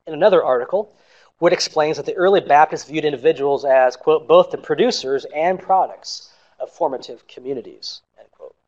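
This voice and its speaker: A man reads an academic conference paper aloud in a measured, careful way, marking each quotation as he goes. His voice sits a little high for a man. The recording is dull and lo-fi. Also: a little mellow. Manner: measured reading with quotes marked aloud. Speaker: scholar presenting a conference paper.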